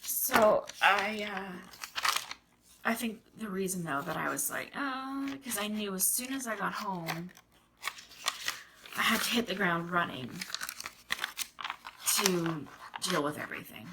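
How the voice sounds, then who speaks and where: A woman and mother chatting casually to her viewers as she crafts, expressive and given to rambling asides. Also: medium pitch, unhurried, vocal fry, long pauses, heavy background noise. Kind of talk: casual chat while crafting.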